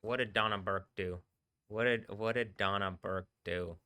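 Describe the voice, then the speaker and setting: A live streamer talks in a loose, rambling way, full of fillers and sudden laughs. His voice sits on the low side. It has a sharp, bright edge and a smooth, clean tone. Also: steady tone, a little slow. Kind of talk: casual live-stream commentary.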